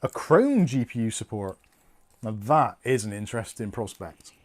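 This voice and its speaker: Lively man chatting through a live build. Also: mid-range voice, moderate pace. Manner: chatty, swearing, laughing at himself. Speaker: host. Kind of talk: casual live-stream chat.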